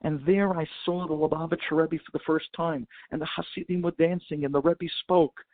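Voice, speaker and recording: A man's voice: fairly high pitch, steady tone, a little fast, dry recording, narrow, tinny audio. A man, a rabbi, telling a story in an impassioned sermon and mixing in Hebrew and Yiddish terms, heard over a phone conference line.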